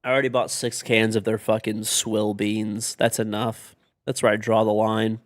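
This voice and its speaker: Low-voiced male streamer, swearing. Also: flat delivery, moderate pace, no echo. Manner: swearing, blunt, reacting to gameplay and chat. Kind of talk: casual gaming stream chat. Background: gunfire from the game.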